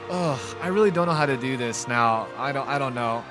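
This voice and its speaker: A man giving let's play commentary in a frustrated, rambling, halting way from a home gaming setup. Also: mid-range voice, over music. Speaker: gaming channel host.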